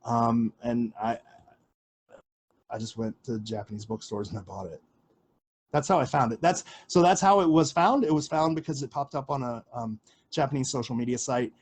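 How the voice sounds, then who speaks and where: A man's voice: mid-range voice, moderate pace, slightly rough. A man hosting a casual livestream Q&A, rambling with lots of fillers and offhand swearing. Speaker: livestream host answering questions.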